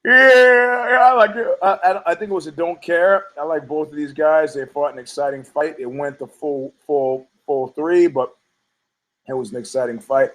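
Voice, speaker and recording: A man's voice: a little high, normal speed, a bit bright, poor audio. A man hosting a casual sports podcast who rambles, stammers over his words, repeats himself and swears freely. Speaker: podcast host.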